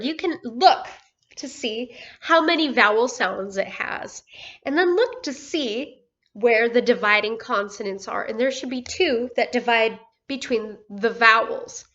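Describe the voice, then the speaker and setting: A woman teaching a phonics lesson to first graders, slow and patient, drawing out each word and praising often. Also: on the high side, animated, a bit bright, dull audio. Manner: slow, patient, drawn-out words with encouraging praise. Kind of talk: phonics lesson for young children.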